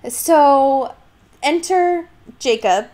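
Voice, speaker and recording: A woman's voice: high voice, extremely slow. A woman co-hosting a casual podcast, recapping a book with lots of laughs and fillers. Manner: giggly, animated, lots of fillers. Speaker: podcast co-host.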